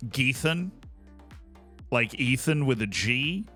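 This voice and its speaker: A man's voice: medium pitch, lively intonation, moderate pace, pushed and bright, faint music behind. Wry, chatty male streamer. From Tampa, Florida. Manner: wry, chatty, talks to chat. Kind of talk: casual game commentary.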